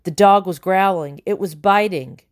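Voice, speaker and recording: A woman narrating a children's novel aloud, lively and voicing the characters. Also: mid-range voice, normal speed, no room sound, studio quality. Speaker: audiobook narrator. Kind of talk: scripted narration.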